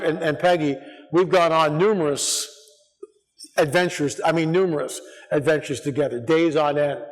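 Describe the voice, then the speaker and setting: Male conference speaker, slightly high voice, loose rambling storyteller, church-hall reverb. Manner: rambling, animated, acts out quoted voices.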